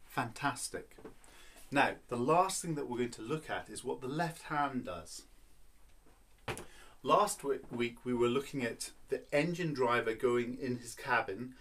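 A man's voice: mid-range voice, measured pace, a bit bright, husky. A man teaching a children's violin lesson, patient and playful, counting beats and explaining step by step.

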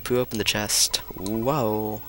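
A man with a low voice gives irreverent let's play commentary, swearing and cracking jokes as he plays. He keeps his voice somewhat hushed in a room at home, though its tone stays bright and forceful. Soft music plays underneath. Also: fairly even intonation, slow. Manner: irreverent, joking, swears freely. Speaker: gamer.

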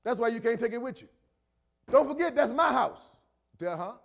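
Middle-aged male pastor with a very high voice, conversational sermon that repeats lines and rises to shouts. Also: lively intonation, moderate pace, gravelly. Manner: preaches conversationally, repeating phrases for emphasis; builds to shouted emphasis.

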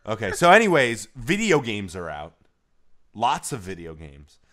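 A man's voice: on the low side, huge pitch swings, normal speed, fairly bright tone. A young man co-hosting a casual gaming podcast, loose and profane, laughing often. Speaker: podcast co-host. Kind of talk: casual chat.

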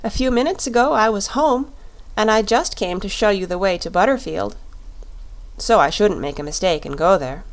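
A woman's voice: mid-range voice, moderate pace, close to an everyday voice. A woman voicing Dorothy, an earnest, puzzled little girl in a storybook reading, in a raised girlish tone. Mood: bewildered.

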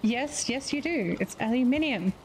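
An Australian woman talks over a headset mic during a group game session, chatty and quick to laugh as she organizes her friends. Her voice sits at an ordinary pitch, with a faint background hiss. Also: poor audio. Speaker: gamer on a multiplayer stream. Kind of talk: casual gaming chat.

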